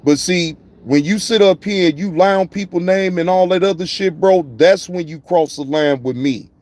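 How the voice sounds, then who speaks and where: A man's voice: high-pitched, normal speed, darkish tone. A man hosting a casual live-stream reaction show, speaking, profane and repetitive, addressing viewers in the chat by name.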